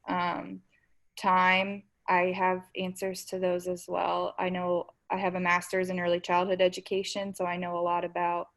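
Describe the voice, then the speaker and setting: A woman teacher speaks slowly and evenly over a video call. Her voice is a little low and hardly rises or falls. She offers her help modestly. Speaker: teacher guest.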